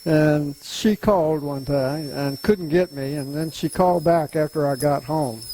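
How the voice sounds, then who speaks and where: Older Southern man, unhurried folksy demonstrator, a bit high-pitched. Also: dark tone, a little hiss or hum, rough recording. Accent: Southern US, softened. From Louisiana, US. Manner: unhurried, folksy, chuckles often. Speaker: woodturning club demonstrator. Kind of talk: casual demonstration talk.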